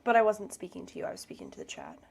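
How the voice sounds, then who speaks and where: A woman's voice: medium pitch, wildly swooping pitch, racing, gravelly, breathy edge. A woman chatting on a live stream, playful and teasing as she bickers back. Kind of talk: bickering livestream chat.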